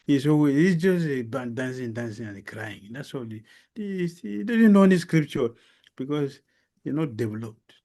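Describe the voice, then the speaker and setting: A man giving a devotional lecture as a spiritual teacher, telling a story slowly and with emphasis, with many pauses and fillers. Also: medium pitch, animated, mellow. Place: lecture hall.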